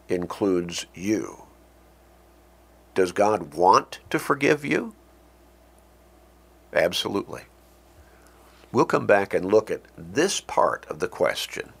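A man preaching a sermon, slow and deliberate, stressing key words and closing in prayer. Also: low-pitched, creaky, husky.

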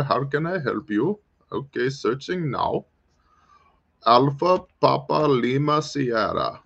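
Guy doing a high singsong phone-agent bit, mock accent, muffled stream audio. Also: vocal fry, a bit bright. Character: man playing an overly polite call-center agent.

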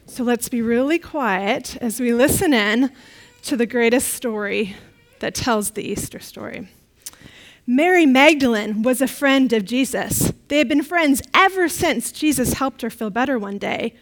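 A woman leading a children's talk in a church service, telling a story in a playful, animated way and getting the kids to repeat refrains. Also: a little high, a little slow, rough recording.

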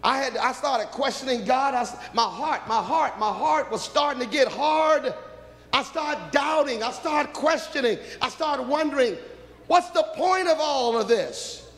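A man preaching an impassioned sermon that climbs into shouts, recorded in a reverberant hall. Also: extremely high pitch, expressive, measured pace.

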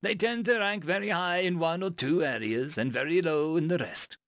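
A man's voice: on the high side, normal speed, fairly bright tone, no room sound. A man voicing an earnest, pedantic male alien crewmate who explains things in a matter-of-fact, over-detailed way. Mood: explaining.

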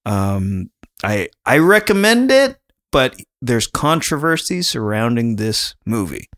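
A man's voice: mid-range voice, sing-song, slow pace, a bit bright. A man co-hosting a casual podcast, talking in a chatty, rambling way and laughing often. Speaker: podcast co-host.

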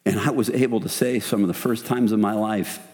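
A man's voice: fairly low pitch, a little fast. Earnest man preaching in a reverberant hall. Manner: earnest, conversational preaching with animated retellings. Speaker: men's ministry leader. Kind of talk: sermon.

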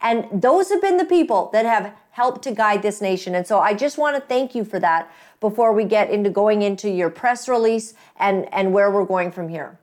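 A woman's voice: medium pitch, expressive, normal speed, few pauses, a little mellow. Effusive woman interview host. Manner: grateful, effusive, with many fillers and restarts. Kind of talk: casual interview talk.

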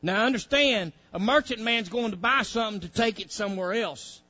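A man's voice: high-pitched, a little fast, pushed and bright, lo-fi sound. A male preacher, delivering a fiery sermon with folksy grammar, directing a reader and acting out pleading voices.

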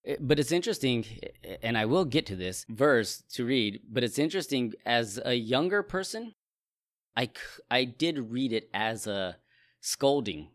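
A man's voice: medium pitch, lively intonation, moderate pace, no echo. A man musing through a casual Bible discussion, thoughtful and prone to restarting his sentences. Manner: reflective, frequent restarts.

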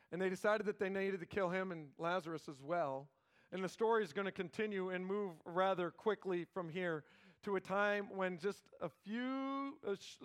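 A pastor preaching a sermon, retelling a scripture story with earnest emphasis, informal asides and dramatic pauses. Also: male voice, a little high.

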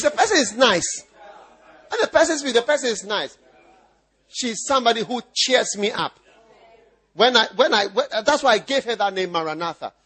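A male pastor preaches in a strikingly high, husky voice. He teases his listeners with repeated lines, swinging his pitch up and down in lively bursts and breaking into shouts and laughter. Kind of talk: preaching sermon.

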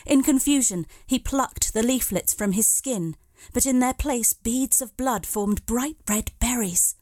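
A woman narrating a short dark tale in a measured, calm voice. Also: fairly high pitch, no room sound, clean studio sound. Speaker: story reader. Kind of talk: scripted narration.

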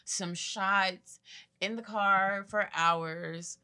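A woman's voice: mid-range voice, steady tone, very slow, sharp tone, clean tone. A young woman guest on a podcast, talking candidly and bluntly in casual chat.

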